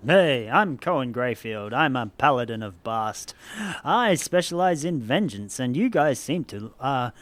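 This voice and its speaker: A man's voice: mid-range voice, very animated, unhurried, a bit bright, no echo. A man voicing an earnest male human paladin, speaking formally and with confidence. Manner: formal, earnest, self-assured.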